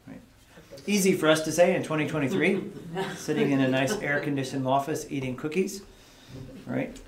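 A man teaches a casual midweek Bible study in an office with an echoey sound. He speaks conversationally at normal speed in a somewhat high voice with fairly even intonation, often asking the group "right?" and dramatizing the prayers he reads.

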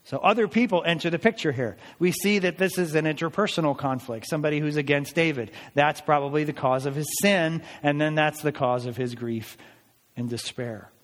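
A man's voice: fairly high pitch, a little fast, big-room sound. A man preaching a sermon, earnest and building to emphatic declarations as he explains scripture. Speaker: pastor.

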